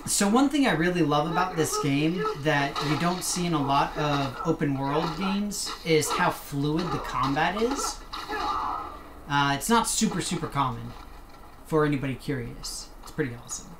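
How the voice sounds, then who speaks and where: A man's voice: on the high side, lively intonation, moderate pace, noisy background. A man streaming a video game, chatting casually and thanking viewers with rambling asides. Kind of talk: casual live game commentary.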